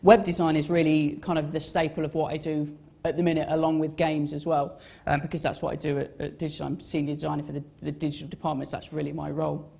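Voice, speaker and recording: A man's voice: a little high, little pitch movement, fast, creaky, dark tone, breathy edge. A young man gives a casual talk about his design work on stage. He rambles and mocks himself, with many fillers and restarts. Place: on stage at a live event.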